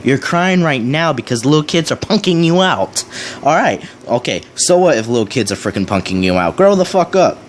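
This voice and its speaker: A young man hosting a reaction commentary, sarcastic and crude, swearing constantly and mock-shouting at the clip he is watching. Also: mid-range voice, expressive, moderate pace, a little hiss or hum. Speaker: commentary host.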